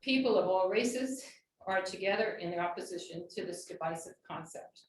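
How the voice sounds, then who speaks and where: A woman's voice: medium pitch, moderate pace. A woman giving an earnest public comment at a school board meeting, reading prepared remarks. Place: large meeting room. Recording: echoey room, distant mic, faint noise.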